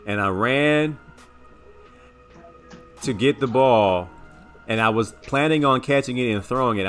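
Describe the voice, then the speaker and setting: Bright-voiced man telling a story. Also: mid-range voice. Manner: rambling, animated, repeats words while recounting. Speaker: sports show co-host. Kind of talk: casual storytelling chat.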